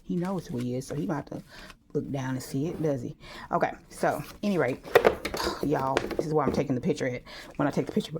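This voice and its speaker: A woman chatting casually and excitedly while making a gift on camera, full of exclamations. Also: low voice, fairly quick, noisy background. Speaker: crafter vlogger. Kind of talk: casual talk while crafting.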